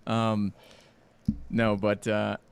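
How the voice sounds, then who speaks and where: A man co-hosting a podcast in casual chat, animated and laughing often, slipping into impressions of people in his stories. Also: on the low side, very slow, vocal fry, clean tone. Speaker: podcast co-host.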